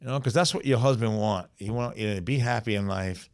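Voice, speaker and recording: Streetwise New York man, lowish voice. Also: a little fast. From South Bronx, New York. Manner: streetwise, profane, repeats "you know what I'm saying". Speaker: podcast guest storyteller. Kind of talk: casual storytelling chat.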